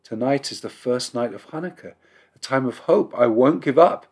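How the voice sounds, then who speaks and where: A man's voice: mid-range voice, animated, moderate pace, husky. A man voicing a young, steadfast immigrant, earnest and hopeful, raised above his own voice. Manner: earnest, rising to eager pleading.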